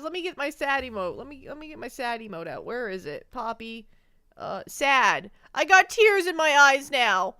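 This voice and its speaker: A woman's voice: high-pitched, big pitch swings, normal speed, sharp tone, dry recording, studio quality. A woman livestreamer chatting casually with her viewers, playful and mock-hurt, often repeating words as she thinks aloud. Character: speaks as a sensitive penguin streamer persona.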